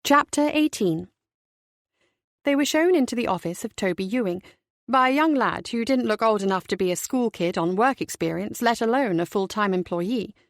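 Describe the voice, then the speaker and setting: A woman narrating a detective novel in a measured, even storytelling voice, close and dry. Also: medium pitch, no room sound. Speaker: audiobook narrator. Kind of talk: scripted narration.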